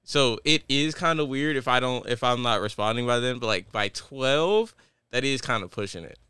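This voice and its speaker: A man's voice: mid-range voice, lively intonation, moderate pace, sharp tone, clean tone, no room sound, studio quality. A young man co-hosting a podcast in casual chat, laid-back and wry. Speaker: podcast co-host.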